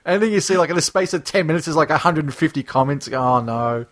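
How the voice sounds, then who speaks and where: A man's voice: fairly high pitch, racing. A man co-hosting a podcast in casual chat, ranting with sarcasm and plenty of swearing. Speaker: podcast co-host.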